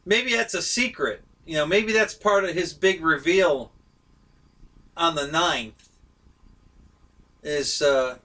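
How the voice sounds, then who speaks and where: Male live-stream host, bright voice, unhurried delivery, a little distant from the mic. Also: fairly high pitch. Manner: easygoing, laughs often, chats with viewers by name. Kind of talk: casual live-stream chat with viewers.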